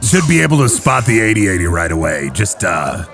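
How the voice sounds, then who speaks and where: A man narrating as game master of a tabletop game, relaxed and halting with fillers. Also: fairly low pitch, vocal fry, no echo.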